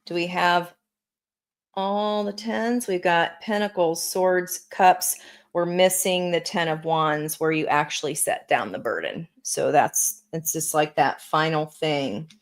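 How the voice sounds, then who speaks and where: A woman's voice: lowish voice, takes it slowly, low-quality recording. A woman giving a casual tarot reading, chatty and encouraging, talking straight to her viewers. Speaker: tarot reader.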